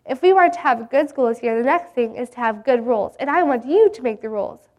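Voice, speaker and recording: A woman voicing a gentle but firm male schoolteacher in a read-aloud story. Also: high voice, expressive, quick pace.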